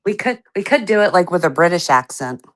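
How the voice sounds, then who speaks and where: A woman with a fairly low voice co-hosts a loose live chat, teasing her partner in quick bursts. Her voice sounds dry and close to the mic. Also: animated, a bit bright, no echo. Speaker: co-host.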